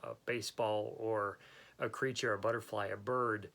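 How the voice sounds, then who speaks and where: A man's voice: fairly low pitch, steady tone, moderate pace, creaky, fairly bright tone. A man with the hiccups hosting a photography talk, rambling with frequent restarts and self-corrections. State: has the hiccups. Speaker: photography podcast host. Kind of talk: casual unscripted talk.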